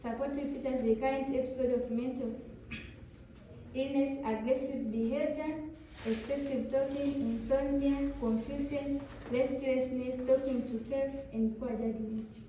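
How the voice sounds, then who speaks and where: A woman's voice: sits high, fairly even intonation, measured pace, warm tone, a little hiss or hum. A woman, a nursing student, reading a clinical case report aloud in a classroom, listing findings in short clipped phrases. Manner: reads clipped clinical lists, mixes in Swahili. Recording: echoey room from far off.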